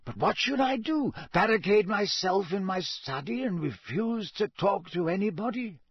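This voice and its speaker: A wise old headmaster, over sixty, speaking in measured, gently wry tones with a lively rise and fall, as a man reading the story puts him on. The voice has a husky edge, recorded close and dry. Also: sits high, no room sound, pitched above the performer's own voice, full character voice. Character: wise, elderly male headmaster, calm and wry.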